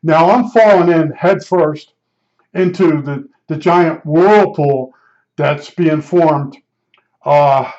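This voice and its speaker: A man's voice: a little high, slow, darkish tone. A man in his seventies rambling through casual personal stories, full of asides and digressions, as a vlogger. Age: 70s. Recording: dull lo-fi recording.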